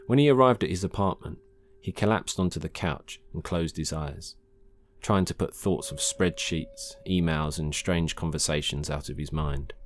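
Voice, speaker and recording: A man reading his own short science-fiction story aloud in a calm, measured narration. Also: deep voice. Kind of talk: scripted narration.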